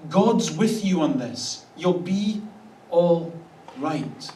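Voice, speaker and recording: A male pastor delivering a sermon in a loose, conversational way, wry and quick to act out the voices of the people he quotes. His voice sits a touch high for a man. The sound carries the echo of a large church hall, heard from a little way off the mic, with a faint hum of the room behind it. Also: lively intonation, mellow. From Canada. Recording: echoey church hall, voice a bit distant.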